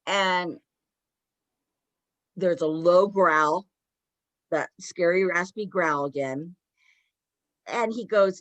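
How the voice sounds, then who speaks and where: A woman co-hosting a podcast, retelling a story in a casual, animated way with lots of "like". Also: fairly low pitch, drawn-out words, long pauses, dry recording. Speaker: podcast co-host.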